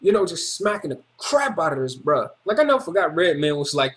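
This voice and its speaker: Very animated and brisk, a high-voiced man shares a personal story in street slang, his tone a bit bright. Like someone in a testimony video, he's emphatic and keeps repeating phrases for emphasis.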